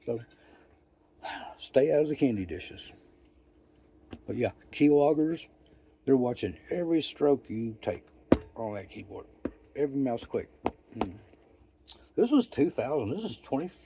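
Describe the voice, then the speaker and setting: A man's voice: mid-range voice, lively intonation, dark tone. Man, older, vlogger, profane, wry, storytelling, faint outdoor noise. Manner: profane, folksy and wry, with pauses and restarts. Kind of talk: rambling storytelling monologue.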